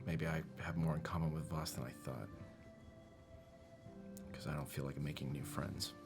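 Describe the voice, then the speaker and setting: A man playing a tabletop role-playing game, speaking softly and earnestly in character. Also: extremely low pitch, fairly even intonation, normal speed, vocal fry. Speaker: player. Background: music.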